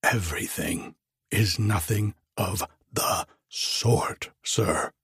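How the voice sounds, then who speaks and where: A man voicing an indignant, fussy old gentleman who complains in a pompous, stiffly formal way. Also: lowish voice, slow, husky, no room sound, clean studio sound, full character voice.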